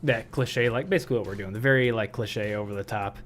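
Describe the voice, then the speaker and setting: A man's voice: fairly low pitch, fast, fairly bright tone. A man from the American Midwest co-hosting a casual podcast chat, rambling and laughing often, with casual swearing. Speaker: podcast co-host.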